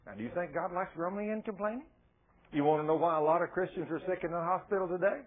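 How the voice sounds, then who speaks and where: A man preaching a sermon, telling Bible stories in a folksy, animated way. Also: high-pitched, quick pace. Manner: folksy, animated storytelling with laughs. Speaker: pastor. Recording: tinny phone-like sound.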